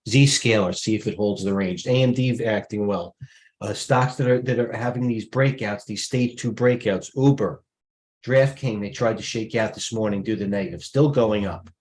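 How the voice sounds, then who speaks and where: Out of breath and jumpy, a middle-aged trading host speaks straight to his livestream viewers, rattling off tickers in blunt, brash, rapid-fire market commentary. He talks at a normal speed in a fairly low, slightly mellow voice.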